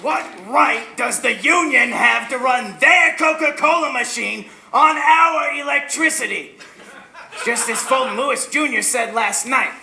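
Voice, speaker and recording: An actor playing a pompous, fussy factory boss in a stage musical, with a gravelly voice, recorded in an echoey hall. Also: male voice, very high-pitched, unhurried, noisy background, heavily acted. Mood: blustering. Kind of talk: amateur stage musical acting.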